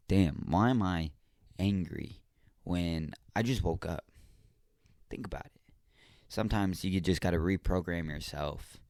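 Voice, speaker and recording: A man hosting a podcast, talking casually and straight to the listener in a relaxed, slangy monologue. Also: deep voice, clean tone, no room sound, clean studio sound. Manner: laid-back, slangy, talks straight to the listener. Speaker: podcast host.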